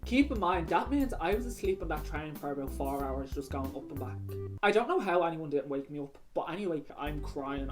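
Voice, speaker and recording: A woman's voice: deep voice, expressive, brisk. A young woman from North Dublin with a Dublin accent, casually telling crude, slangy stories on her vlog. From North Dublin, Ireland. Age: young adult. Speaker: YouTuber. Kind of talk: casual storytelling, reading out viewer stories. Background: music playing.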